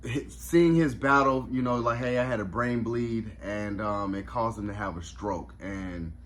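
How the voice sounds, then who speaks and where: A man's voice: lowish voice, a little slow, fairly bright tone, a little hiss or hum. A man reviewing a comedy special in a casual vlog, reflective and openly emotional, with lots of fillers and restarts.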